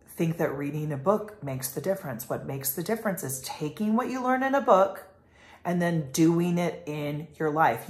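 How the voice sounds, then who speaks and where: A woman in her thirties, a life coach talking in a casual vlog monologue, rambling and passionate with many fillers. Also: deep voice. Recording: echoey room.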